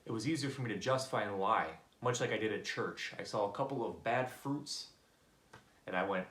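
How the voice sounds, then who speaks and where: Low-pitched male motivational speaker, earnest and candid, recorded in an echoey room. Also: a little fast. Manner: earnest storytelling, animated when voicing others. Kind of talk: personal motivational talk.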